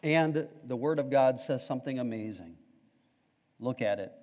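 A man preaching a sermon as pastor, with emphatic delivery that swings from loud urgent peaks to quiet low asides. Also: animated, normal speed, dull audio. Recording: long reverb of a large hall.

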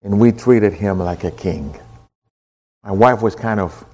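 A man preaching a sermon, swinging from hushed, low lines to loud, impassioned ones. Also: unhurried, muffled recording. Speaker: pastor.

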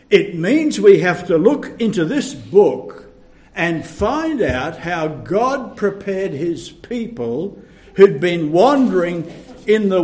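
An older man preaching a sermon, slow and emphatic, with sudden loud bursts when he tells a story. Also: high voice.

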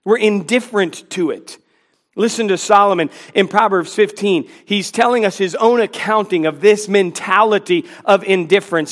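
A man preaching a sermon to a congregation, earnest and pleading, with quick asides to the listeners. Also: high voice. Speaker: pastor. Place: church in front of a congregation.

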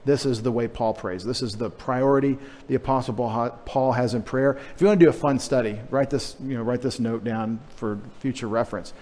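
A man's voice: mid-range voice, a little fast, few pauses, dark tone. A male pastor preaching a sermon in a conversational, emphatic way with wry humorous asides. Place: church sanctuary. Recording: long hall reverb.

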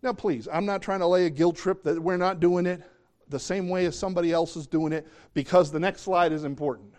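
A man preaching a sermon as pastor, talking conversationally and jumping into excited, high bursts. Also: a little fast.

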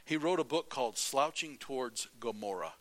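A man preaching a sermon as pastor, telling stories in a lively way and reading scripture aloud. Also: medium pitch, moderate pace. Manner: animated storytelling, then plain scripture reading.

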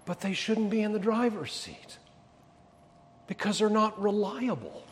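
A man preaching a sermon in a church, emphatic and then dropping to quiet asides. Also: sits high, unhurried. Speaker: pastor.

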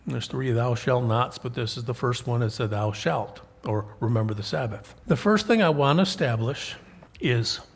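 A man's voice: mid-range voice, normal speed, gravelly, husky. A man preaching a sermon in a folksy, conversational way, full of rhetorical questions.

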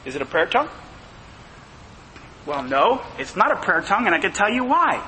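A man's voice: high-pitched, sing-song, normal speed, bright, forceful tone. A man preaching a sermon, emphatic and full of rhetorical questions. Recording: long hall reverb, faint noise.

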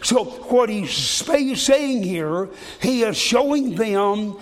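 A man's voice: high voice, lively intonation, takes it slowly, few pauses, big-room sound. A man preaching a sermon, reading scripture in a folksy way and often repeating and restarting his words.

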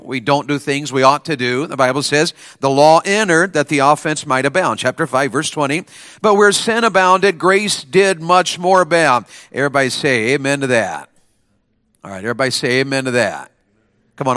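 A man preaches in chapel, firing questions at his listeners and pushing them to answer back. His voice sits at an ordinary middle pitch and sounds close and dry, with almost no room around it. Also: fairly bright tone, no room sound. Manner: call-and-response, coaxing the audience to answer. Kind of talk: lively sermon to students.

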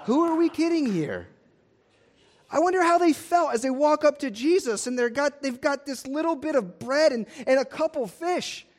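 A man's voice: very high-pitched, animated, moderate pace. A male pastor preaching a sermon in an emphatic, repetitive style.

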